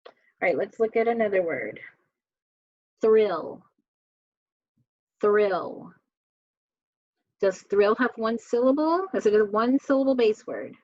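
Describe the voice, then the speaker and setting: A woman teaching a slow spelling lesson, sounding out words and letters one at a time. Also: mid-range voice, animated, a little mellow, dry recording. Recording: dull, dry lo-fi recording.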